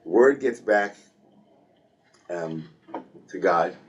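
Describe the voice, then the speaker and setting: Lively man teaching a Torah class. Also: sits low, extremely slow, far from the mic, dull audio. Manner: lively storytelling, playfully acts out biblical characters, frequent restarts. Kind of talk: casual Torah study class.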